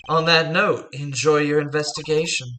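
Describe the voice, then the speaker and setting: A man's voice: steady tone, bright, forceful tone, slight background noise. A man doing a suave, smug rock-star prosecutor. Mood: smug flirting. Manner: slow, low, suave drawl. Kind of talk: video game voice acting.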